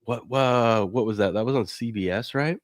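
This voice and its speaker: A man's voice: mid-range voice, moderate pace, no echo, studio quality. A man co-hosting a live sports betting show, chatting casually and reading viewer comments aloud. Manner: reads viewer chat aloud, rambling and excitable. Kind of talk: casual live-stream chat.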